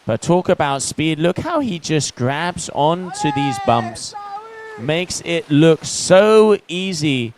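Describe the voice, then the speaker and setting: A man's voice: on the high side, noisy background. A man giving playful, chatty color commentary on a paddleboard race. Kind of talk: live sports commentary.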